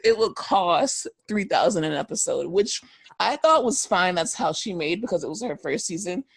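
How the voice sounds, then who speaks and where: A woman's voice: lowish voice, lively intonation, moderate pace, gravelly, breathy edge, dry recording. A young woman co-hosting a podcast, gossiping in a casual chat and laughing often. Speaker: podcast co-host.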